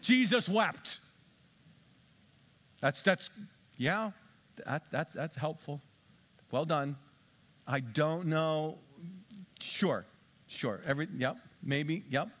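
A man's voice: medium pitch, unhurried, long pauses. A male pastor delivering a sermon in a conversational way, asking the congregation rhetorical questions and slipping in dry, sarcastic asides.

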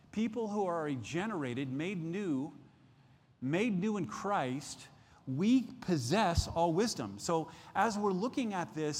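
A male pastor delivers a sermon in an earnest, deliberate preaching manner, stretching out the words he wants to land. His voice sits a little on the high side for a man, and a long reverb trails after each phrase, as in a church hall. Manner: earnest preaching, slows down to stress key words. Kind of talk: midweek sermon with scripture reading.

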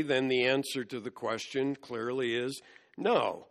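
Male pastor, mid-pitched, unhurried, teaching sermon with long church reverb. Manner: measured, explains scripture verse by verse. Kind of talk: expository sermon.

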